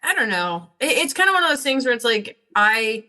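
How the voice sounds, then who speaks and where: A talkative woman hosting a podcast, her voice bright and forceful and sitting a little high. She tells rambling stories in casual chat and swears freely as she goes. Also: a little fast. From Northern New York. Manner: rambling, swearing, animated storytelling. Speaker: podcast host.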